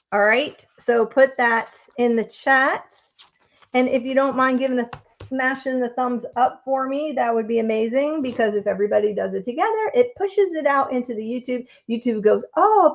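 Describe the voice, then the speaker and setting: A woman's voice: fairly high pitch, vocal fry, muffled recording. A woman hosting a live craft stream, chatting casually and rambling as she reads out viewer votes.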